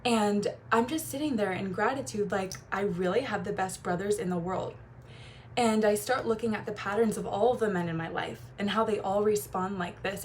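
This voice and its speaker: Young woman, casual vlog coach, warm gushing delivery, light background noise. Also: mid-range voice. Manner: warm, gushing, quick laughs and playful quoted voices. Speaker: feminine energy coach. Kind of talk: casual talking-to-camera advice.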